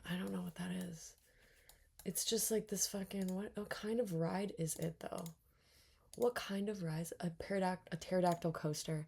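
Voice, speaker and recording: A young woman giving casual let's-play commentary, reacting out loud, muttering to herself and swearing a lot. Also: lowish voice, fairly even intonation, moderate pace, creaky, husky. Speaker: gaming streamer.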